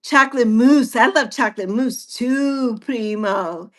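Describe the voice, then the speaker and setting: A woman's voice: on the high side, unhurried, fairly bright tone. A woman in her sixties hosting a casual livestream chat with viewers, playful and teasing. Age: 60s. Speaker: livestream host.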